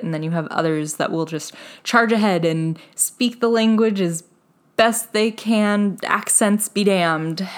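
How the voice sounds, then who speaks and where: Woman, podcast host, lowish voice, casual solo chat, self-deprecating, laughs often.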